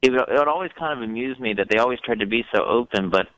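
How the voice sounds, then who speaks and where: A man calling in to a talk show, speaking in a halting way and repeating words as he works through his thoughts. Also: mid-range voice, fairly bright tone, smooth, no room sound, poor audio. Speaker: caller. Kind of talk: call-in conversation.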